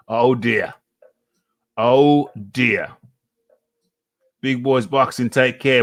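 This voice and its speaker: A man's voice: medium pitch, fairly bright tone. A man hosting a boxing talk livestream, rambling and repeating his phrases over and over. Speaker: boxing talk show host. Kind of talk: casual livestream commentary.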